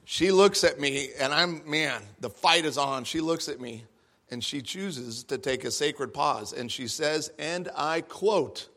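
A man from Texas giving a humorous sermon as guest speaker, acting out quotes with sudden loud bursts. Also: on the high side, unhurried.

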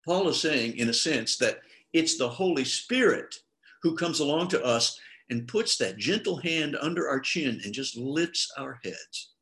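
A man's voice: mid-range voice, measured pace. A middle-aged male pastor giving a sermon, talking conversationally and acting out the people he quotes. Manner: conversational preaching with lively quoted voices.

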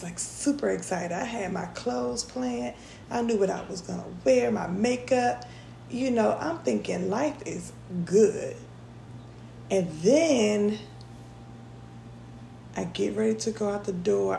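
A young woman tells a personal story on her podcast in a loose, chatty way, calling her listeners y'all. Her voice is heavily gravelly and mellow. The room echoes, with faint ambience behind her. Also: mid-range voice, unhurried, slight background noise. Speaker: podcast host. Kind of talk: casual storytelling.

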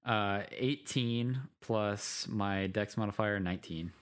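A player at a casual tabletop session asks about the rules slowly and uncertainly, packing in plenty of ums and likes. His voice is fairly low and clean-toned.

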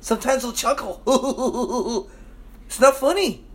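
A man's voice: high voice, expressive, moderate pace, fairly bright tone. Emphatic, slangy preaching man. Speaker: pastor. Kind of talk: sermon.

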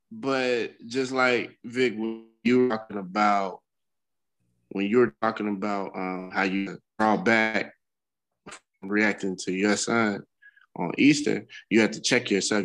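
A man's voice: on the low side, steady tone, a little slow, a bit bright, poor audio. Candid, cussing man telling a story. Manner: candid, profane storytelling with bursts of laughter. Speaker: podcast co-host. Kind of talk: casual chat.

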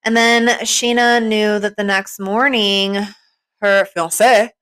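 A woman's voice: medium pitch, fairly even intonation, slow, fairly bright tone, clear, resonant tone. A young woman in casual banter with a friend, competitive and jokey, chiming in to finish stories. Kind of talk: casual chat.

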